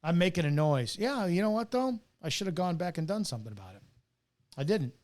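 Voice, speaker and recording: A man's voice: high-pitched, sing-song, fairly quick, a little mellow. A middle-aged man, a retired police officer, delivering a bitter, profane, preachy rant with hard stressed words. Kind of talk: ranting monologue to camera.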